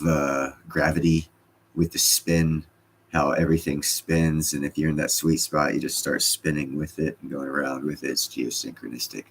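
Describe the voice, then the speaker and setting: A man in his forties hosting a casual chat, explaining things in a rambling, halting way with many restarts. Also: a bass voice, slightly rough.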